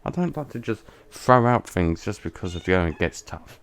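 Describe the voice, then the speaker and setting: A man's voice: low voice, expressive, moderate pace, gravelly, no room sound. A man giving casual let's play commentary, talking earnestly and bluntly and often restarting his sentences. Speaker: gaming channel host.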